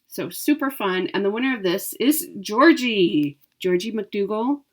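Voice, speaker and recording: In an upbeat, chatty vlog, a woman talks to camera about giveaways and her cross-stitch haul, frequently umming and correcting herself. Her voice is mid-range with lively intonation, and her pace is measured.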